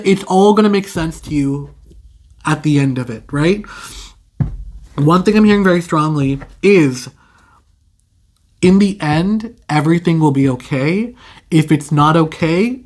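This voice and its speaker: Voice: medium pitch, slight background noise. A young adult tarot reader giving a casual intuitive reading straight to the viewer, chatty and full of fillers, stretching out key words. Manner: chatty, filler-heavy, drawn-out keywords.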